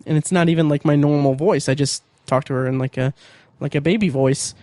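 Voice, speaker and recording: A man's voice: fairly high pitch, a little fast, dark tone, no room sound. A man co-hosting a podcast, chatting casually, rambling and joking with lots of fillers and restarts. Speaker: podcast co-host.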